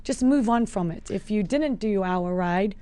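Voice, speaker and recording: A woman's voice: mid-range voice, moderate pace, smooth, no echo. A South African woman in her forties, a podcast guest chatting casually, laughing often and acting out her own remarks. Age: 40s. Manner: lively, laughs often, acts out her own quoted lines. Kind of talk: casual chat.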